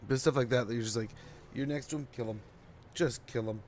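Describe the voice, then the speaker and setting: A man's voice: medium pitch, brisk, darkish tone, a little hiss or hum. Drowsy, rambling male game streamer. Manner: chatty and rambling, talking to chat while playing. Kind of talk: casual gameplay commentary.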